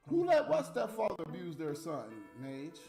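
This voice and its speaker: A man's voice: wildly swooping pitch, moderate pace, creaky, warm tone, reverberant, faint music behind. A man talking casually and profanely to his viewers on a livestream, mocking and ranting. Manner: profane, mocking, mimics high squeaky voices.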